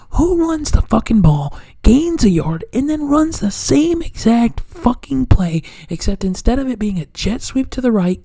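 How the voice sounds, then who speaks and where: A man's voice: very high-pitched, gravelly, dark tone, no room sound. A man in a heated, profane rant about his football team, swearing nonstop. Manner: angry, swearing constantly, ranting. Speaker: sports fan commentator.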